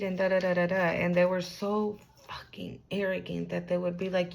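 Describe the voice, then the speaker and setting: A woman's voice: lowish voice, level tone, brisk, creaky, a little hiss or hum. A young woman giving a casual spiritual card reading to the camera, talking in a loose, slangy way, swearing freely and speaking straight to the viewer.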